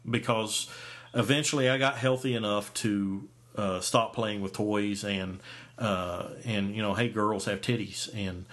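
A man's voice: on the low side, steady tone, unhurried, a bit bright. A man in his forties, a podcast host, telling a story in casual chat, rambling with many fillers and restarts. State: hiccups.

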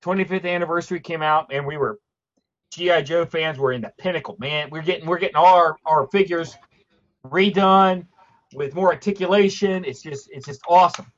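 Animated man in a casual chat, slightly high voice, muffled lo-fi audio. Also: brisk. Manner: animated, acts out characters, joking. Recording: dull lo-fi sound.

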